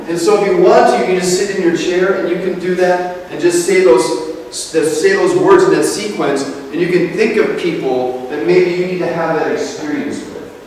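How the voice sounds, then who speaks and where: A man leading a group through a guided healing meditation, speaking gently and slowly, heard from a distance in a large room. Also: high-pitched, slight background noise. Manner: gentle, slow, repetitive guidance. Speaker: ceremony leader. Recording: echoey hall, recorded from far off.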